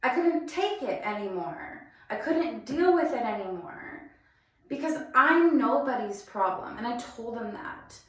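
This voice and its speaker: A young woman telling a painful personal story in a halting, emphatic way, often restarting her sentences. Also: fairly high pitch, animated. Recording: very echoey room.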